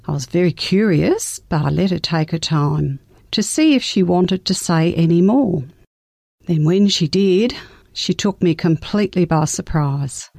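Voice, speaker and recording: A gentle older woman with a slightly low voice tells a family story slowly and tenderly. Her reading is measured and warm in intent, recorded dry and close to the mic. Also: expressive, vocal fry, dry recording. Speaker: guest storyteller.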